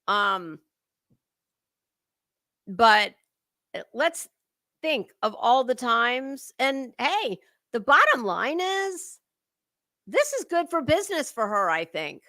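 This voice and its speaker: Slow-talking gravelly woman streamer. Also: a little high, sing-song, pushed and bright, no room sound, clean studio sound. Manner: chatty, swears freely, greets chat viewers by name. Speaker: livestream commentary host. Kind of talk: casual livestream commentary.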